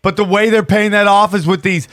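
High-voiced man ranting emphatically. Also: steady tone, brisk, a bit bright. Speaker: podcast co-host. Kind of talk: casual chat.

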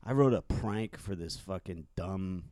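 A man's voice: low voice, unhurried, warm tone, no room sound. A man who writes comedy, telling rambling, profane anecdotes on a casual podcast.

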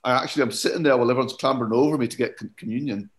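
A man with a Scottish accent faintly tinged with English, telling stories as a comedian guest in a casual chat. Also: mid-range voice. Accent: slightly English-tinged Scottish. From Scotland. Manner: animated storyteller, quick asides, chuckles.

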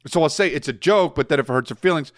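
A man in his forties co-hosting a podcast in casual chat, profane and animated, telling stories and slipping into put-on voices. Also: a little high, fast, dry recording, studio quality. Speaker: podcast co-host.

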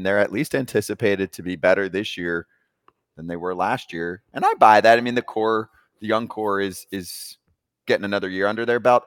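Chatty low-voiced sports host. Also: male voice, no room sound, studio quality. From New Jersey. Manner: chatty, animated, questioning. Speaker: sports betting podcast host. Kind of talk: casual sports chat.

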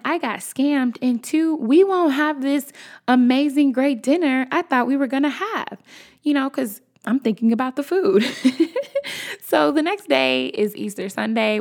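A young woman in her twenties, hosting a podcast and telling a personal story in a casual, animated, chatty way, talking straight to her listeners. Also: a little high, gravelly. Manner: animated, conversational, addresses listeners as y'all. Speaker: podcast host.

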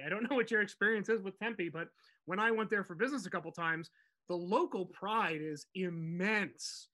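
A man hosting a podcast, telling a story in a casual, animated, chatty way and laughing easily. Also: sits high.

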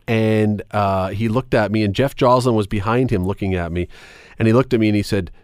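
A man's voice: on the low side, quick pace, a little mellow, dry recording, studio quality. A man hosting a podcast, telling anecdotes in casual chat and laughing often. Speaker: podcast host.

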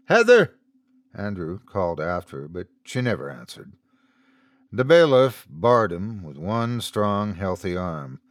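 A man narrating a scripted horror story as the show's host, reading slowly and dramatically. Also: expressive, dry recording, studio quality. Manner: slow, dramatic storytelling with wide pitch swings.

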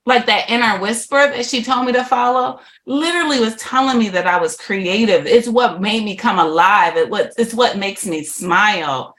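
Her voice is lowish and a little bright. She's a middle-aged podcast guest telling her life story in a lively way, breaking into frequent laughter and performing the voices of the people she quotes.

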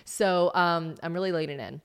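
A woman's voice: fairly low pitch, moderate pace, clear, resonant tone. A young woman from South Carolina, chatting casually and animatedly as host of her solo podcast, swearing freely.

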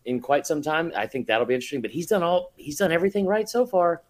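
A man's voice: a little high, fast talker, a little mellow. A man talking as a podcast guest in casual chat, rambling with lots of fillers and laughing often.

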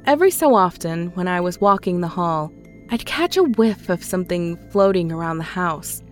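A woman calmly narrating a scripted horror story in a measured storytelling voice. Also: fairly low pitch. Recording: faint music underneath.

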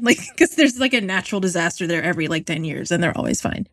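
A woman's voice: fairly low pitch, expressive, fast, fairly bright tone. A woman co-hosting a podcast, chatting casually with lots of fillers and asking her guest questions. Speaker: podcast co-host. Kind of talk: casual chat.

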